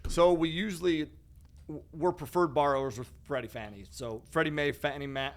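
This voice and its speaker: A man's voice: on the high side, brisk. A man hosting a casual podcast, talking energetically and emphatically about real estate investing. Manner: energetic, emphatic, calls his co-host "bro" and "dude".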